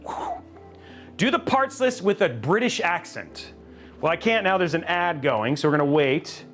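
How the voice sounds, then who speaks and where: Male streamer host, lively swinging pitch, mid-range voice, jokey and chatty, faint music behind. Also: normal speed. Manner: animated, jokey, chatting with viewers. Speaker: host of a live PC-building stream. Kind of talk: casual live-stream chat while building.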